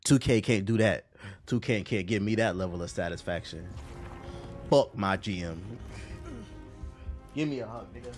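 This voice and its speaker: A man streaming a game live, shouting with excitement, swearing and talking to his chat. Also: fairly low pitch, normal speed, long pauses, soft background music.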